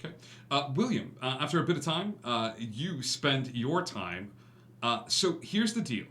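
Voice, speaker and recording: A man narrating as game master of a tabletop game, relaxed and full of fillers. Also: mid-range voice, a little slow. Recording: echoey room with faint hum.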